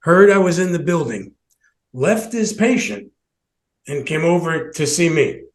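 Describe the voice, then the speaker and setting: With a slightly high, sing-song voice and a measured pace, this man hosts a podcast and shares a personal story. His telling wanders, full of restarts and brief laughs between phrases.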